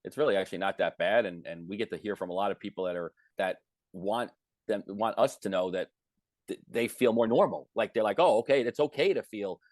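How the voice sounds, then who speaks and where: Low-voiced, halting male podcast co-host. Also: darkish tone, no room sound. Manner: thoughtful, halting with frequent restarts. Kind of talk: casual podcast chat.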